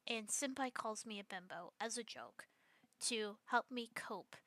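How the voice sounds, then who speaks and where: A woman's voice: a little high, measured pace, a bit bright, dry recording. A young woman hosting a stream, reading messages aloud and answering them in an aggrieved, sarcastic way. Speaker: streamer host.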